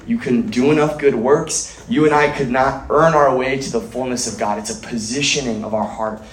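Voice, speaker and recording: A man's voice: mid-range voice, steady tone, normal speed, reverberant, a little hiss or hum, poor audio. A man preaching a sermon at a church gathering, earnest, often restarting and repeating words.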